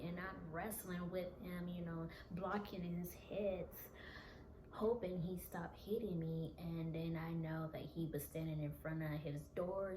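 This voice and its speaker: A woman vlogger telling a personal story in an earnest, halting, confessional way. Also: deep voice, roomy sound, background noise.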